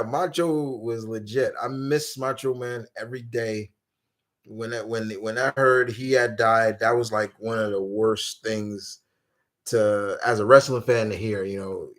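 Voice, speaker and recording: A man's voice: mid-range voice, a bit bright. A man in his forties, hosting a live Q&A stream and rambling through casual chat full of fillers and restarts. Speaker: host.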